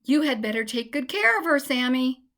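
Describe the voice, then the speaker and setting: A woman voicing a gentle, kindly male animal with an injured paw, speaking soothingly. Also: high-pitched, very animated, moderate pace, full character voice. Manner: kind, soothing.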